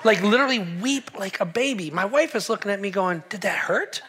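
Forties guy pastor preaching, bit of humor, talks right to the room, pretty high voice. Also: animated, fairly quick, fairly bright tone. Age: 40s. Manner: storytelling with humor, talks to the congregation. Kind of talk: sermon.

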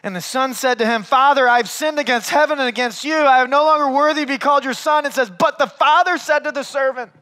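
High-voiced, forceful preaching man. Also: quick pace, hardly any pauses. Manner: conversational, animated preaching that swings between loud and hushed; calls listeners "man". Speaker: pastor. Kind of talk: sermon.

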